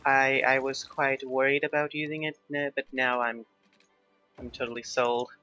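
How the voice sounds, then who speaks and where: A young gaming YouTuber, not a native English speaker, talks through his gameplay in casual commentary, thinking aloud and making jokes at his own expense. His accent blends British and American, and his medium-pitched voice is level, bright and forceful at a moderate pace. The slightly dull lo-fi mic picks up faint background music.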